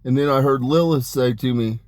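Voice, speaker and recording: A man talking in a rambling, emphatic monologue about spiritual matters, dropping his voice low on asides. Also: a little fast, a little mellow. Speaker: spiritual channeler. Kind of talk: casual spoken monologue.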